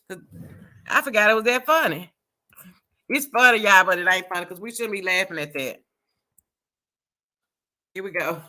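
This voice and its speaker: A woman's voice: lowish voice, animated, normal speed, pauses often, bright, forceful tone. A woman vlogger giving casual reaction commentary, chatting to viewers with laughs and swearing.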